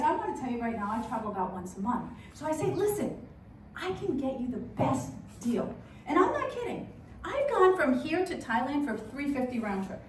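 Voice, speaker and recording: A woman's voice: high voice, a little hiss or hum. A woman performing a brash stand-up comedy set on a club stage, swearing freely and talking to the crowd. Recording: echoey room from a distance. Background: audience laughter.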